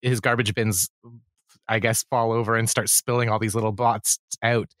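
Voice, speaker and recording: A man's voice: on the low side, flat delivery, normal speed, a bit bright, no echo. Man, podcast chat, jokey, laughs often, dry remote mic. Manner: jokey, laughing, talks over others. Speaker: podcast guest. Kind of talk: casual chat. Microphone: remote call mic.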